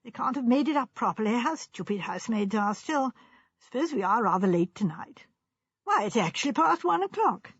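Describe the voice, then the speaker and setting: A brisk, bossy middle-aged hostess with a raised, emphatic voice, as a woman reads her. She talks impatiently and teasingly. The recording is dry, breathy and dull. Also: on the high side, sing-song, no echo, full character voice.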